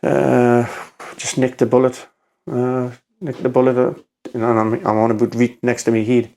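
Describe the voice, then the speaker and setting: A middle-aged man from North East England speaks as a podcast guest. He is emotional and near tears, stumbling and repeating himself. His delivery is rough and plain-spoken, with swearing. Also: medium pitch, monotone, moderate pace, mellow. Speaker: podcast guest, former doorman. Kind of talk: emotional storytelling.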